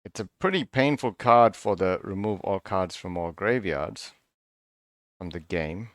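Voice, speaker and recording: Unhurried and low-voiced, this man hosts a casual card review, thinking out loud with a musing, half-sarcastic tone and frequent restarts. The recording is dry and studio-clean.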